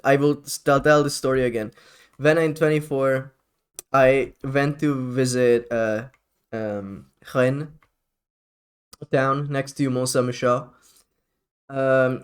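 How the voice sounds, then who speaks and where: A man's voice: mid-range voice, clear, resonant tone. A man streaming live, chatting casually in a rambling, profane way with frequent laughs.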